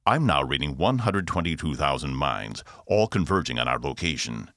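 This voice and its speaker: A man reading an audiobook voices a bridge officer giving calm factual reports. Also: a bass voice, normal speed, no echo, clean studio sound, heavily acted. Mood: steady.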